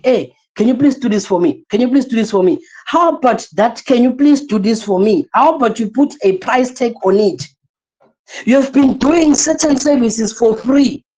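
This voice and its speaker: Energetic husky woman giving a motivational class. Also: fairly high pitch, rough recording. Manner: energetic, repeats phrases, asks rhetorical questions. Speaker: online class teacher.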